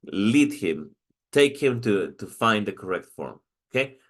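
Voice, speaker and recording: A man with a Mexican accent, Spanish his first language, delivering a recorded lecture to teachers in training. His voice sits on the low side, and he explains step by step, restarting phrases and checking understanding with "okay?". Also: big pitch swings, unhurried, fairly bright tone.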